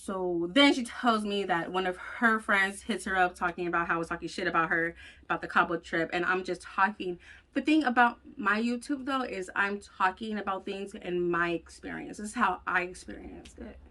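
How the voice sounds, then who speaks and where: A woman vlogger telling a personal story in a blunt, profane, animated way. She has children. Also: mid-range voice, normal speed. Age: adult with children. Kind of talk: casual storytelling vlog.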